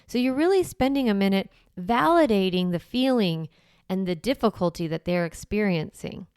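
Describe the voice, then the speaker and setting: A woman's voice: mid-range voice, expressive, moderate pace, darkish tone, smooth, no room sound, studio quality. A woman hosting a parenting podcast, coaching listeners step by step in a direct way, often checking in with "okay?" and "right?". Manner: walks through step-by-step scripts. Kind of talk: instructional podcast monologue.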